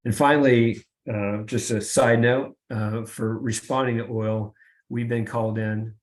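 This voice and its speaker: Halting low-voiced man presenting. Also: steady tone. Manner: halting, many fillers and restarts. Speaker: webinar presenter. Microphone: video call.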